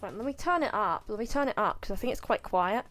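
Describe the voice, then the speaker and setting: A woman's voice: medium pitch, animated, fast talker, fairly bright tone, faint music behind. A woman casually commenting over gameplay, rambling and joking with mock boasts and internet slang aimed at her chat. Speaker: gaming video host.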